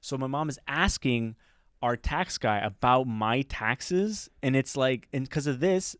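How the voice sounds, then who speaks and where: A man's voice: medium pitch, lively intonation, a little slow, a bit bright, clean tone, no echo. Young guy rambling thru a story on a podcast, dry close mic. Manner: rambling storyteller, many restarts and laughs. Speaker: podcast co-host. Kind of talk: casual chat.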